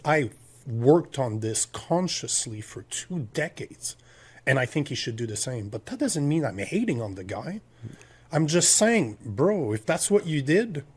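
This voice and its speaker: A man in his forties co-hosts a political podcast, speaking with a French Canadian accent since French is his first language. His medium-pitched voice rants emphatically and leans on rhetorical questions.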